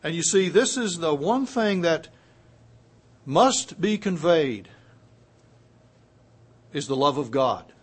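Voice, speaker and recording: A man preaching a sermon in a fairly high voice. He drops to hushed, almost murmured lines, then climbs to loud, emphatic peaks. He slows right down to press on the words he wants heard. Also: expressive, breathy edge.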